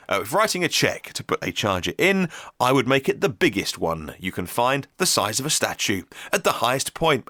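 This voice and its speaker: A man's voice: medium pitch, bright, forceful tone, no echo, studio quality. A man hosting a casual solo podcast, chatting enthusiastically and reading out listener emails, thinking aloud as he goes. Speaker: podcast host.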